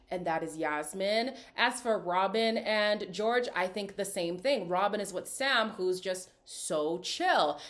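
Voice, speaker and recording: A woman giving casual, opinionated commentary as she recaps a reality dating show, talking straight to her viewers. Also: medium pitch. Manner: opinionated, chatty, slips into quoted voices.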